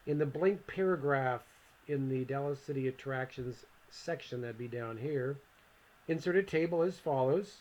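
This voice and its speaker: A man instructor narrating a software screencast tutorial, casual and thinking aloud as he clicks, with joking asides to the viewer. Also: mid-range voice, muffled recording. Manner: casual, talks to himself while clicking.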